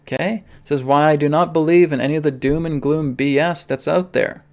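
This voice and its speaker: A man's voice: on the high side, fairly even intonation, a little fast, few pauses. A man hosting a live spiritual stream, talking emphatically and tagging his points with "okay?". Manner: emphatic, repeats "okay?" often. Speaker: spiritual reader and host.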